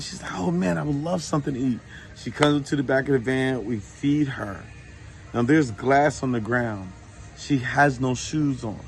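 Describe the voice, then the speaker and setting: A man casually telling true faith stories, informal and lively when he retells what people said. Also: medium pitch. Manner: informal, animated when retelling dialogue, many fillers. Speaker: Christian storyteller. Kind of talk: casual testimony to a phone camera.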